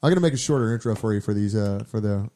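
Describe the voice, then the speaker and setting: A man's voice: on the low side, lively intonation, racing, mellow. A man co-hosting a podcast, chatting casually and teasing his co-host with frequent laughs. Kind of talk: casual chat.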